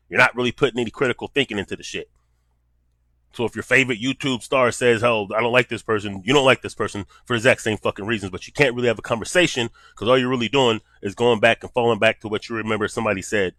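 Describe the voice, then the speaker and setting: A man's voice: mid-range voice, sharp tone, dry recording. A man giving casual commentary in blunt, profane street talk.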